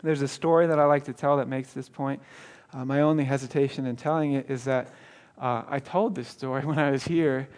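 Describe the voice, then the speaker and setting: A man's voice: mid-range voice, steady tone, fairly quick, a little mellow. A man preaching as a guest speaker, telling a joke story with chuckles and stumbling restarts. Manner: storytelling with laughs and repeated restarts. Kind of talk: sermon. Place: church.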